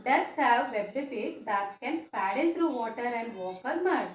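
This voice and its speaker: Slow high-voiced teacher woman. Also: animated, muffled recording. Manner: slow, repetitive explaining with question tags. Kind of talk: classroom science lesson. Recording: echoey room, faint background noise.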